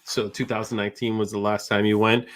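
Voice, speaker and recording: A man's voice: fairly low pitch, little pitch movement, fast. Rambling man with a Boston accent. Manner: joking, rambling, many restarts. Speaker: host. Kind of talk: casual live-stream chat.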